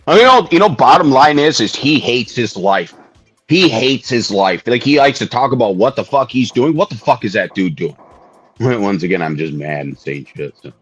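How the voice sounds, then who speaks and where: A man's voice: medium pitch, husky, no echo, lo-fi sound. A man ranting angrily on a livestream, profane and heated, hammering the same jabs over and over. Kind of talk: angry livestream rant. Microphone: streaming mic.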